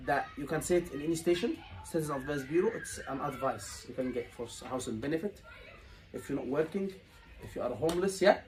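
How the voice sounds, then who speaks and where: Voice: medium pitch, brisk, a little mellow, poor audio. A tutor coaching a room of students, repeating key points and asking rhetorical questions. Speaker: exam tutor. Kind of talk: live teaching session.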